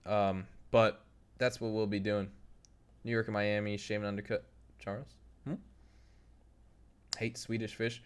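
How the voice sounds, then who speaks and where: A man's voice: fairly low pitch, level tone, unhurried, pauses often, clean tone. A young man streaming live, chatting casually with his viewers, reading their messages aloud and laughing often. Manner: loose, laughing, reads chat aloud and tries impressions.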